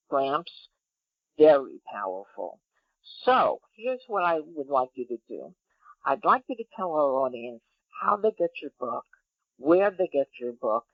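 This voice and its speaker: A woman's voice: a bass voice, no echo, dull audio. A woman hosting a podcast interview, effusive as she thanks her guest. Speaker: podcast host.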